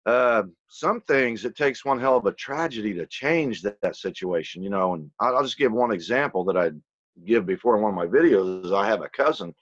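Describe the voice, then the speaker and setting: A man's voice: fairly low pitch, expressive, brisk, no room sound, highs cut off. Rambling, profane man telling a story. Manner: rambling, loose and profane, full of "you know". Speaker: channel host telling a personal story. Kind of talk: casual conversational storytelling.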